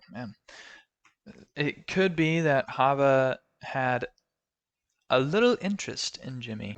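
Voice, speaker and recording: A man casually talking through a film's plot in a rambling review, full of fillers and sudden loud exclamations. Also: mid-range voice. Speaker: movie reviewer. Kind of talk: casual spoken film review.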